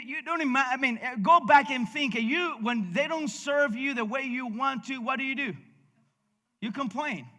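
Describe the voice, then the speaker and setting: High-voiced Spanish-accented preacher in a reverberant hall. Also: male voice, fairly bright tone. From Cuba. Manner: passionate, rhythmic preaching with frequent restarts and laughter. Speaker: pastor. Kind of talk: sermon. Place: church sanctuary.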